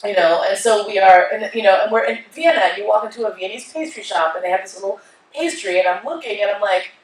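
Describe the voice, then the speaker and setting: A woman's voice: mid-range voice, quick pace. A woman giving a conference keynote, telling stories animatedly and acting out voices. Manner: animated storyteller, acts out voices. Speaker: keynote speaker. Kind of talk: onstage conversation with audience. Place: conference hall. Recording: echoey hall from far off.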